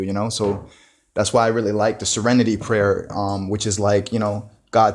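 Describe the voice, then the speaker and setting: Laid-back man musing with many "you know"s. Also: fairly low pitch. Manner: casual, repeats "you know" and "bro", restarts often. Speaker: motivational talker. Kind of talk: casual reflective monologue.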